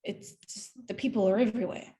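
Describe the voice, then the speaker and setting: An Australian woman, a podcast guest, telling a story in a lively, animated way and acting out voices. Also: mid-range voice, a little fast, poor audio. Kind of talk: storytelling interview.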